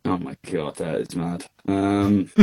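A man with an Irish accent, a singer being interviewed over a remote call, relaxed and laughing easily with plenty of fillers. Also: sits low, takes it slowly, vocal fry. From Ireland. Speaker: guest singer. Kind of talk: casual interview chat.

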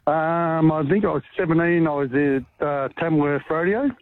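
A man's voice: on the high side, fairly even intonation, normal speed, no echo. A man with an Australian accent calling in to a radio show, telling his story in a blunt, laconic way. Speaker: caller. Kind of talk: casual phone-in story. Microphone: phone. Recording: tinny phone line.

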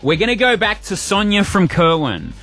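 A middle-aged man hosting a breakfast radio show, chatty and warm, repeating words as he talks. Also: sits high, very animated, moderate pace, faint music behind. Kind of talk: casual radio chat. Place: radio studio.

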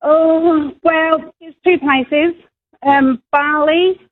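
A woman calling in to a radio show, friendly and relaxed. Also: high voice, very slow. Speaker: caller. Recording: tinny phone line.

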